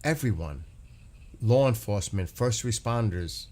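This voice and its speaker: A man's voice: fairly low pitch, normal speed, darkish tone. A middle-aged American man, chatting casually and earnestly with live viewers, rambling and repeating himself. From United States. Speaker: live stream host.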